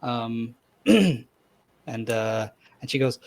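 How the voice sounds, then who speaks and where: Husky-voiced man narrating a tabletop game. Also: mid-range voice, normal speed, long pauses. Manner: loose, filler-heavy narration. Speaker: dungeon master.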